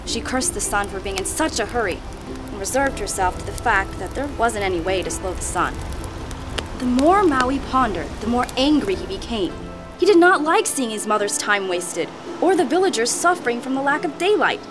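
Woman narrator for a legend, expressive and animated, bright higher voice, music underneath. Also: moderate pace. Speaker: storyteller. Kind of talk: read-aloud legend narration.

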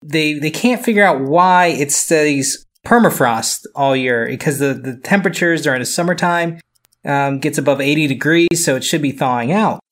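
A man's voice: a little high, moderate pace, a bit bright. A man co-hosting a casual news chat, explaining stories in a loose, rambling way. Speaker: podcast co-host.

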